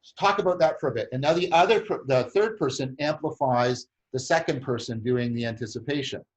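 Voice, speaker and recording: A man's voice: medium pitch, a little fast, dull audio. A man hosting a conversation, explaining a group process at length with many restarts and frequent tag questions. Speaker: host.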